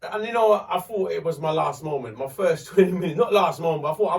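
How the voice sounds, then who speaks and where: A man, hosting a podcast and telling a story in a lively, profane way. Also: on the high side, fast talker, creaky, distant mic. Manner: animated, swearing, acts out voices in his story. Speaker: podcast host. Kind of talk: casual storytelling.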